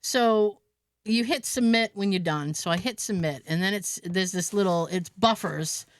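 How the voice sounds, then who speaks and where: At normal speed and with no echo, a woman co-hosting a podcast shares a story in casual chat. She acts out the quotes with big pitch jumps, stays animated and laughs frequently.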